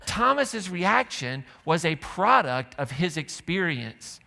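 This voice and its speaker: In a church sanctuary, a pastor gives a sermon with a bright, forward voice slightly above typical male pitch, taking a slow pace with big pitch swings and a creaky edge. He tells the story loosely, throwing asides and questions to the congregation, and long ringing reverb follows each phrase.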